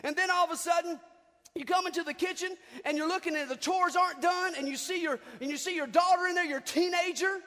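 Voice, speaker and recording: Animated pastor with a high, bright voice. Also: male voice, quick pace. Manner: animated, shouting in bursts. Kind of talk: comedic sermon with acted outbursts. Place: church hall. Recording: long church hall reverb.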